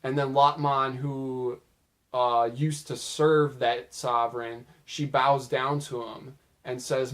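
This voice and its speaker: A man's voice: medium pitch, level tone, takes it slowly. A young man casually recapping funny anime moments, chatty and loose, with lots of filler words. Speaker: video creator.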